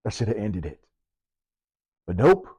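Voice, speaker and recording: A man's voice: on the low side, huge pitch swings, unhurried, dark tone, breathy edge, no echo. A man who works as a police officer, giving impassioned political commentary with punchy rhetorical questions and sarcasm.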